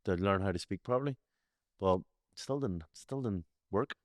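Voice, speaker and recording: A man's voice: sits low, normal speed, no echo, studio quality. A man with a West Belfast accent chatting casually on a podcast, swearing freely and telling stories with a slight slur. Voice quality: slurred speech. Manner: swears a lot, storytelling. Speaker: podcast host. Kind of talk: casual chat.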